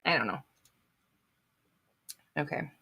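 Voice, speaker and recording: A woman's voice: deep voice, lively intonation, takes it slowly, creaky, pushed and bright, breathy edge. A woman hosting a live question-and-answer stream, reading out viewer comments and answering them bluntly, with emphatic repetition, swearing and laughing at herself.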